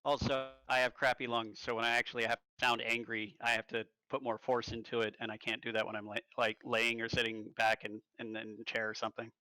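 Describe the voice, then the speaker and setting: Man, tabletop player, bright tense voice, dry close sound, rambling and jokey. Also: mid-range voice, level tone, fairly quick, hardly any pauses, clear, resonant tone, dry recording, rough recording. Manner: rambling, jokey, prone to nerdy tangents. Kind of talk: casual chat around a tabletop game.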